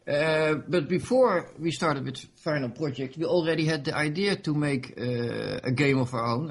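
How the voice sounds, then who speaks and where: Interviewed about his game mod, a man speaks casually in a medium-pitched, husky voice, with many fillers and restarts.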